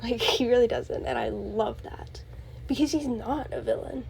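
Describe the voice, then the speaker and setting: A woman's voice: fairly high pitch, moderate pace, gravelly, darkish tone, a little hiss or hum, rough recording. A young woman hosting her own show, rambling casually and gushing about a film character, with many fillers and laughs. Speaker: podcast host. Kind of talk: casual solo rambling talk.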